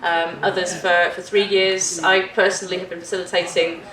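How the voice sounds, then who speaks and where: A woman's voice: on the low side, level tone, brisk, a bit bright. A woman chairing a conference panel, chatty, with many ums and laughs. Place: conference room. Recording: echoey hall, distant mic.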